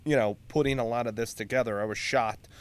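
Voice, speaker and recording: A man's voice: mid-range voice, quick pace, clean tone. A man, a Marine veteran, telling war-time stories in casual, profane chat. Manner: profane, animated storyteller. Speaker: Marine veteran podcast co-host.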